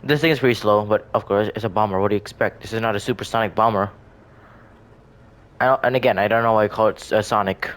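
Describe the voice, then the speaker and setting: His fairly low voice is quick and a bit bright. As a gaming video creator, he gives casual, rambling commentary on his own builds, hesitating, stumbling and restarting sentences with frequent self-corrections.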